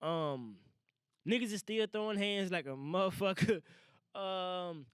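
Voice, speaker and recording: A young man hosting a casual solo podcast, talking loosely with profane slang and animated asides. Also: sits high, normal speed, dry recording, studio quality. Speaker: podcast host. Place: small recording room. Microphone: studio mic.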